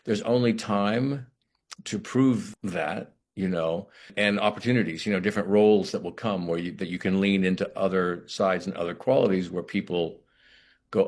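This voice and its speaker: A middle-aged actor talking in an interview, thoughtful and halting, with many restarts. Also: male voice, low-pitched. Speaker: actor guest. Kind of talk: reflective interview talk.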